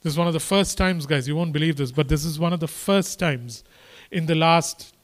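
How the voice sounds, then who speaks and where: A man's voice: a little high, a little fast. A man preaching a sermon, repeating his points and building to impassioned, emphatic exhortation.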